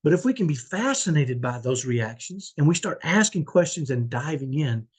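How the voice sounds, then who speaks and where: A man's voice: a little high, big pitch swings, moderate pace, slightly rough. A man talking about his life as a parent, telling a personal story in a conversational way and often tagging his sentences with "right?". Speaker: parent vlogger.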